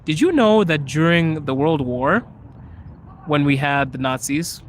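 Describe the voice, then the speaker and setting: A man's voice: on the high side, expressive, unhurried, a little hiss or hum. A young man hosting a casual live chat outdoors on a city street, talking in an emphatic, earnest way. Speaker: livestream host.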